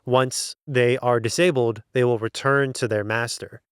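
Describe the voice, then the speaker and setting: A man's voice: medium pitch, fairly even intonation, a little slow, clean tone, dry recording, studio quality. A man co-hosting a podcast, casually recapping a novel's plot and acting out the characters' lines. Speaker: podcast co-host. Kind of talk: casual book recap chat.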